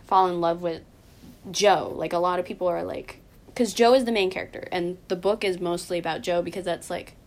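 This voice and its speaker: A woman's voice: on the low side, fairly quick. A young woman in casual chat, gushing with lots of fillers and laughter.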